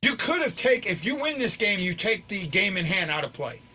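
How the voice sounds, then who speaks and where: Hosting a laid-back fan discussion after the game, this man speaks at a moderate pace with a breathy edge to a very bright voice that sits slightly higher than most men's. He keeps tripping over words and starting again as he thinks it through, lurching between shock and excitement.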